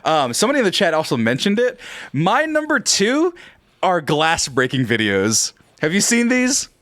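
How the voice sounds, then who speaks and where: Animated bright-voiced man chatting. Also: on the high side, normal speed. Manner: animated, laughs often, swears casually. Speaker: co-host. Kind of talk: casual podcast chat.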